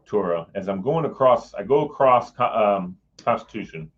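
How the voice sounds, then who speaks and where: A man's voice: on the low side, normal speed, lo-fi sound. A middle-aged man telling a personal story in casual chat, acting out what people said and chuckling as he goes. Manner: animated, acts out quoted voices, chuckles mid-sentence. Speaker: guest recounting a personal story.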